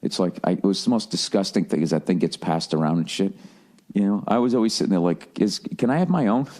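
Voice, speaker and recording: A man's voice: low voice, fast talker, darkish tone. A man telling a rambling, profane, self-mocking comic rant in a podcast style. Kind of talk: comedic rant.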